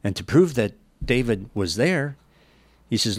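A man teaching verse by verse through a Bible passage, reading the scripture slowly and then explaining it in plain words with folksy asides. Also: mid-range voice, animated, dry recording.

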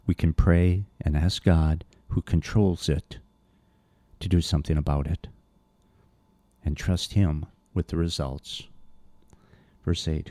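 Deep, dark-voiced preacher man. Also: steady tone, slow, pauses often, no room sound. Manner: earnest, blunt and emphatic, reading scripture aloud. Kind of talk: verse-by-verse sermon.

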